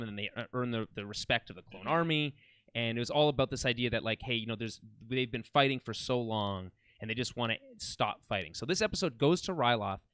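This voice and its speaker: A man with a smooth, resonant voice rambles through an eager recap of a TV show on a podcast. He keeps backing up and rephrasing as he goes. The sound is dry and close. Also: medium pitch, fairly bright tone, dry recording. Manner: rambling, enthusiastic, many restarts. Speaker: podcast co-host. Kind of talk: casual film and TV chat.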